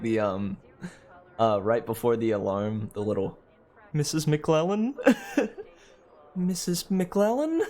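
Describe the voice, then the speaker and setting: A man hosting a live stream, chatting casually and rambling with frequent laughs. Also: fairly low pitch. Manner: rambling, laughs often, many fillers and restarts. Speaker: streamer and host.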